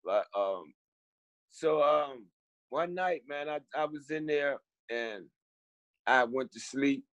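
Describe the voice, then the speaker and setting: A middle-aged man from Richmond, a podcast guest telling his story in a halting way, repeating words and acting out the people he quotes. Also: medium pitch, lively intonation, fairly bright tone, dry recording, dull audio. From Richmond, Virginia. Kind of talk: storytelling interview.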